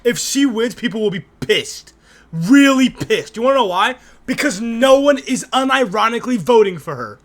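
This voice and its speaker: A man's voice: extremely high pitch, animated, normal speed. A young man streaming his crude, mocking reaction to a debate, swearing and laughing as he talks over the clips. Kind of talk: profane reaction commentary.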